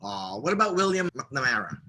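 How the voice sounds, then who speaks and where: A man hosting a movie show, asking a guest short questions and answering with quick, eager affirmations. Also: medium pitch, very animated, pushed and bright. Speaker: movie show host and interviewer. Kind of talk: casual interview questions.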